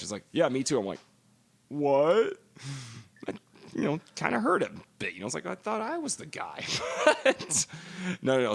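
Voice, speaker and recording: A man's voice: low-pitched, gravelly. A middle-aged man co-hosting a podcast, telling long profane stories in casual chat. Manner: profane storytelling. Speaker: podcast co-host.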